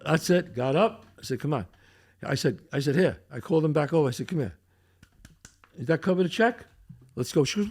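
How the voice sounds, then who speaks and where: A man's voice: fairly high pitch, brisk, pauses often, slightly rough. A man hosting a podcast, telling a story in casual chat and acting out what people said. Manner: animated storyteller acting out quotes. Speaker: podcast host.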